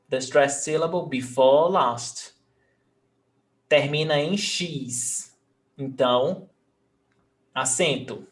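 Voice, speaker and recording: A man's voice: medium pitch, fairly bright tone. A Brazilian man, a native Portuguese speaker, teaching a language lesson in English and patiently repeating example words.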